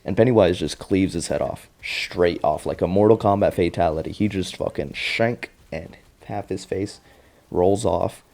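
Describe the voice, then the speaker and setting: A man's voice: deep voice, normal speed, vocal fry, darkish tone. A man hosting a podcast, recapping a TV show in a casual, profane, joking way. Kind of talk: casual chat.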